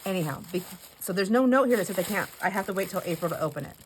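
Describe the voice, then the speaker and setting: Excitable middle-aged woman vlogger, casual rambling chat, squeaky gushing peaks. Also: rapid-fire, slight background noise, poor audio. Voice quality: goes squeaky when excited. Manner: gushing, rambling with self-corrections. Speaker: craft vlogger. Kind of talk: casual chat while opening mail.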